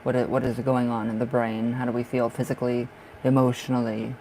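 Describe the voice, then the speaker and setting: A man's voice: medium pitch, level tone, brisk, darkish tone, slight background noise, poor audio. Chatty man giving tarot readings. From northern United States. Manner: chatty, laughs often, repeats himself. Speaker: tarot reader. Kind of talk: live-stream tarot reading.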